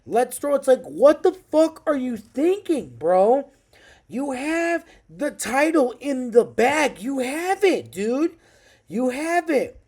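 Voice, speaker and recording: A man in his thirties giving an excitable, profanity-heavy casual recap of a fight night as a vlogger. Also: very high voice, takes it slowly. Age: 30s.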